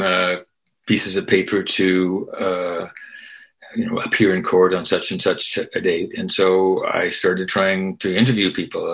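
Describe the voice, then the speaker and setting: Older man telling a story, lowish voice. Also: fairly bright tone, poor audio. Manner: conversational, tags lines with "right?". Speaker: guest, activist and historian. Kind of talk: storytelling interview.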